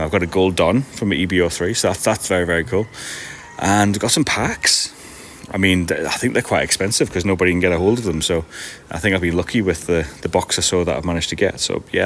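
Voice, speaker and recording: Tired, rambling man, deep voice. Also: fairly bright tone, a little hiss or hum. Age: 40s. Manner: rambling and self-deprecating, with frequent restarts. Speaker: card seller and livestream host. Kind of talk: casual live-stream chat. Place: large glass-roofed old station hall, indoors.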